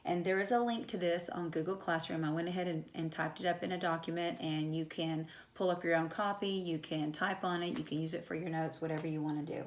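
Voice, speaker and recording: A woman's voice: lowish voice, steady tone, brisk, hardly any pauses, reverberant. A woman teaching an English class in a recorded lecture, explaining step by step with frequent fillers like "um" and "so.". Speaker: high school English teacher.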